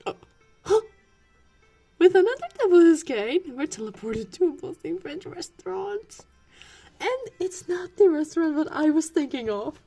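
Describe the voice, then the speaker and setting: A young woman reads a dating sim aloud in a playful, giggly way, often breaking off to react. Her voice is mellow and soft-edged. Faint game music plays beneath her. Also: very high voice, big pitch swings, normal speed. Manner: playful, giggly, switches between reading and reactions. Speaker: gameplay streamer.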